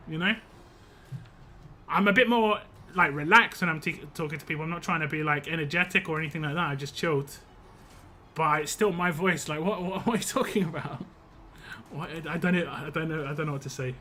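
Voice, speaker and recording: A man's voice: fairly high pitch, brisk, pushed and bright, a little hiss or hum. A young man streaming a game live, chatting casually with viewers, rambling and laughing often.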